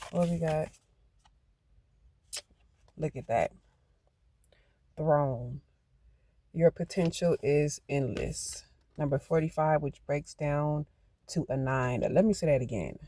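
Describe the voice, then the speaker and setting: A man's voice: on the high side, a little slow, creaky, long pauses, mellow, dry recording. A man giving a channeled tarot card reading, emphatic and prone to getting hyped, then talking himself back down. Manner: emphatic, gets hyped, talks to self.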